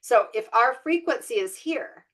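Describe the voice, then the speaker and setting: A woman's voice: fairly high pitch, lively intonation, a little slow. A middle-aged woman giving an inspirational spiritual talk to an audience, speaking conversationally, acting out everyday scenarios and asking listeners direct questions. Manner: conversational, acts out everyday scenarios in quoted voices.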